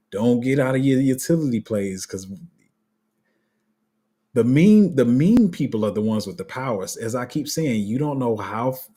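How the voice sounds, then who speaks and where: Dark, husky-voiced man rambling on a stream. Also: medium pitch. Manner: rambling, restarts often, laughs at himself; reads viewer comments aloud. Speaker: crypto livestream host. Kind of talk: casual livestream chat reading comments.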